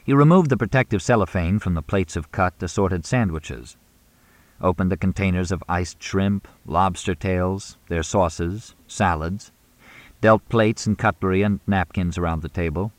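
A man with a low voice reads an audiobook in a measured, even manner. The sound is dry and close, with no room around it. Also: dry recording. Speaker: audiobook narrator. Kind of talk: scripted narration.

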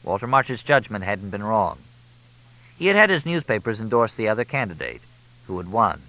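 A man reading a comic mystery novel aloud in a crisp, expressive way. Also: on the low side, moderate pace, dry recording, low-quality recording. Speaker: audiobook narrator. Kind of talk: audiobook narration of a comic mystery.

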